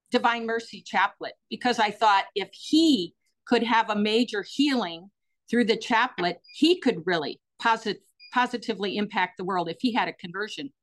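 A middle-aged American woman with a medium-pitched voice is an interview guest sharing personal stories. She speaks earnestly and animatedly, with frequent fillers.

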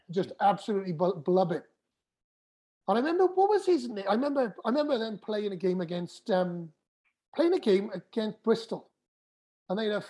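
A man's voice: high voice, mellow. A man in his forties, a former rugby player and guest, telling his story frankly and with feeling, swearing and restarting often. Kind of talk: candid storytelling in a podcast chat.

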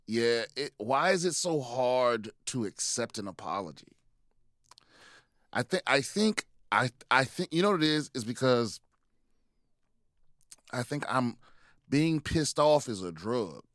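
A man's voice: medium pitch, sing-song, measured pace, pauses often, a bit bright, no room sound, clean studio sound. A man co-hosting a podcast, telling stories in a rambling, profane way with many restarts. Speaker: podcast co-host. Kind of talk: casual chat.

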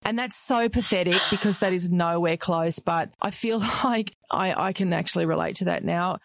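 A woman's voice: on the low side, moderate pace, no echo. A woman hosting an interview, chatty and candid, with casual fillers. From Australia. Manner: chatty and candid, leaning on fillers like "you know". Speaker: host. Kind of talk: podcast interview.

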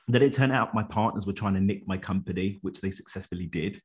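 A man, a podcast guest telling a personal story in an animated, colloquial way, chuckling often. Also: fairly low pitch, fast, hardly any pauses.

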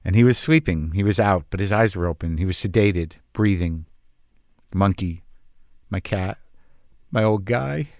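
A man's voice: low-pitched, measured pace, pauses often, a little mellow, no room sound. A man telling a personal story in a candid, conversational monologue, emotional and close to tears.

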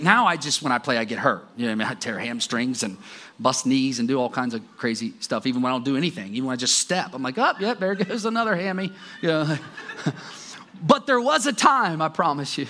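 A man's voice: medium pitch, fairly bright tone. A man in his forties preaching a sermon, telling family stories with self-deprecating humor. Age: 40s. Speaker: pastor.

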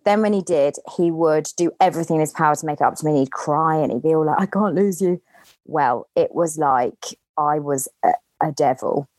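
Low-voiced woman telling a candid story. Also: no echo. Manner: animated, acts out quoted lines in a higher voice. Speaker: podcast guest.

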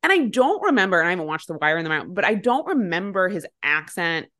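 A woman's voice: on the low side, very animated, quick pace, pushed and bright, dry recording, clean studio sound. A woman in her thirties co-hosting a podcast, chatting casually and sarcastically about a movie, slipping into voices for quotes. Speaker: podcast co-host. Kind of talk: casual movie-review chat.

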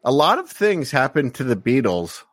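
A man's voice: mid-range voice, big pitch swings, moderate pace, fairly bright tone, no echo, clean studio sound. Easygoing man hosting a podcast. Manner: easygoing, rambling, with frequent fillers. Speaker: podcast host. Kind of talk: casual chat.

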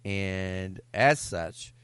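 Picture a man with a fairly low voice co-hosting a loose comedy podcast. He reads biography notes aloud and trips over filler pauses as he goes. His voice sounds dry and close to the mic, with no room around it. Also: fairly bright tone, clean tone, dry recording. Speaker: podcast co-host. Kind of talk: casual comedic podcast chat, reading a biography.

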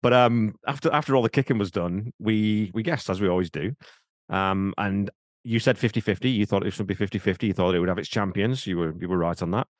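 A man co-hosting a podcast in casual chat, wry and quick to laugh. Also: fairly low pitch, no room sound, clean studio sound. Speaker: podcast co-host.

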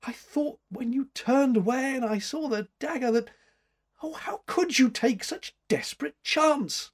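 A man voicing an anxious young woman, husky. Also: high voice, huge pitch swings, unhurried, darkish tone, pitched above the performer's own voice, full character voice. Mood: alarmed. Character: frightened, tender young woman. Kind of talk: audiobook character reading.

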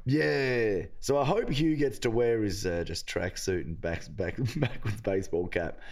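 Irish podcast host, relaxed joking delivery, lower voice. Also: male voice, unhurried. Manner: laid-back, joking, introduces clips. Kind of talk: casual chat.

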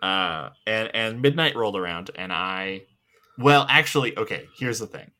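A young man co-hosts a casual podcast chat in a fairly low voice with a bright, forceful edge. He tells his stories in an animated, blunt way and swears without holding back. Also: moderate pace. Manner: animated storytelling, blunt and profane. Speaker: podcast co-host.

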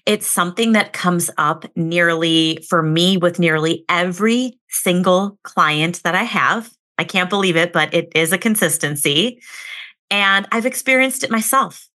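A woman's voice: fairly low pitch, a little slow, pushed and bright. A woman therapist hosting a podcast interview, speaking in an effusive, conversational way.

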